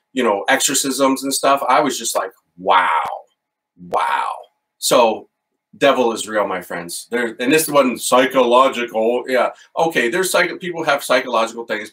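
A middle-aged man, a priest, telling a story in an animated, excitable way, with casual slang. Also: mid-range voice, recorded from a distance, low-quality recording. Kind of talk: storytelling talk.

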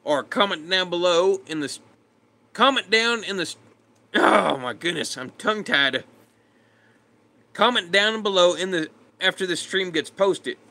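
A man's voice: sits high, expressive, measured pace, long pauses, bright, forceful tone. A man casually chatting with his live stream viewers, laid-back and greeting them by name. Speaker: streamer reading chat.

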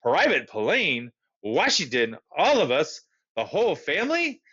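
A proper, easily flustered middle-aged father, as a man puts him on for a storybook reading. He speaks lower and more measured than the narrator, turning deferential. The recording is dull and lo-fi. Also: big pitch swings, sharp tone, full character voice. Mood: astonished.

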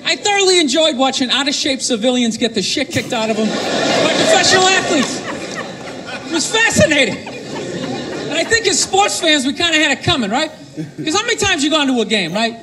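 High-voiced male stand-up comedian. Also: a little fast. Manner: animated, shouting punchlines, mocking. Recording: live club set with crowd laughter and noise. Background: audience laughing.

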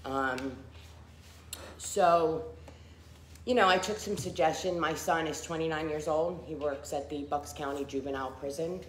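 A woman's voice: sits low, unhurried, roomy sound, a little hiss or hum. A middle-aged woman giving a candid personal recovery testimony, full of fillers and acted-out quotes. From Philadelphia area. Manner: candid, frequent fillers, acts out quoted people.

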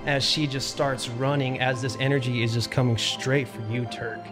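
Flat-voiced man running a tabletop game. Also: medium pitch, normal speed, over music. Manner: steady descriptive narration with frequent fillers. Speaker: game master.

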